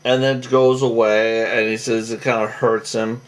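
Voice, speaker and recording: A man's voice: mid-range voice, little pitch movement, a little slow. A tired man recapping a reality show in a rambling, casual monologue full of fillers and restarts.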